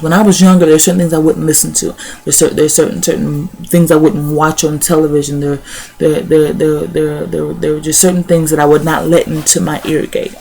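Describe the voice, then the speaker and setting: A woman's voice: low-pitched, vocal fry, darkish tone. A young woman sharing her thoughts in a casual vlog, repeating words as she goes and dropping in "y'all" and "honey". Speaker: vlogger. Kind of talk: casual spoken reflection.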